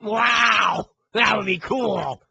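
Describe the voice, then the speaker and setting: A man doing a gushing, high-pitched radio host impression. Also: extremely slow, vocal fry, bright, forceful tone, exaggerated voice. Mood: mock wonder. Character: mocking impression of a sports radio host, adult man, wide-eyed.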